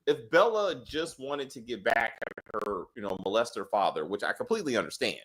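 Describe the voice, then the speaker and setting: Male podcast host for show reviews, animated and profane, bright tone. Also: medium pitch, brisk. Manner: animated, profane, acts out characters' lines. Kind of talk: casual chat review.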